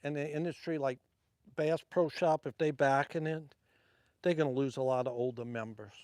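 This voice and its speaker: A man's voice: fairly high pitch, fairly even intonation, moderate pace, a little mellow, no room sound. A man with a Southern Louisiana accent chatting casually to livestream viewers while fishing from a wharf at night, rambling between casts.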